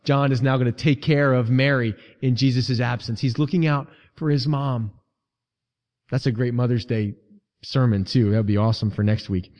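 A man's voice: mid-range voice, steady tone, moderate pace, darkish tone. A man preaching a sermon as pastor, speaking earnestly and conversationally, with emphasis that builds in repeated phrases. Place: church sanctuary. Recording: reverberant hall, dull lo-fi sound.

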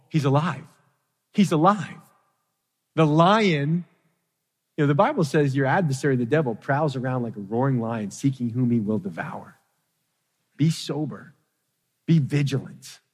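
A man preaches a sermon with dramatic storytelling and building emphasis. His voice sits a little high. The sound rings with the long reverb of a big hall. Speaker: pastor.

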